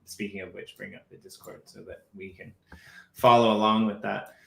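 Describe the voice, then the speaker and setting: A man with a bright, forceful voice talks casually on a live stream, rambling, stumbling over repeated words and breaking into laughs. The sound is roomy, with echo around him. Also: lowish voice, little pitch movement, moderate pace, vocal fry. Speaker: co-host. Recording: echoey room.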